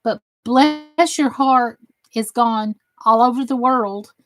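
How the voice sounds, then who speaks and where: On her crafting live stream, a woman from the Southern United States chats folksily and reads comments out loud, poking fun at herself. Her Southern-accented voice is on the high side, slow, with fairly even intonation.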